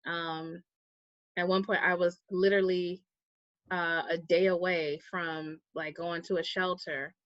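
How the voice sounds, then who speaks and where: A woman guest recounts a personal story in a relaxed interview. She speaks in an animated way and slips into the voices of the people she quotes. The recording is dry and a little muffled. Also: fairly low pitch, measured pace, dry recording. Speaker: guest, vegan activist.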